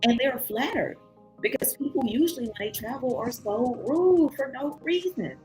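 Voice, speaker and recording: A woman's voice: high voice, moderate pace, faint music behind. A woman telling a travel story in a casual vlog, acting out other people's voices. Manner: animated, acts out other people's voices in quotes. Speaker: travel vlogger.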